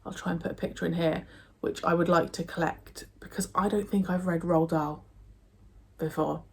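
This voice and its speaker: A woman's voice: on the low side, steady tone, normal speed, vocal fry, breathy edge. A young woman from England chatting casually and enthusiastically about books she read, with many fillers and restarts. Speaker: book vlogger. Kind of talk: casual book review chat.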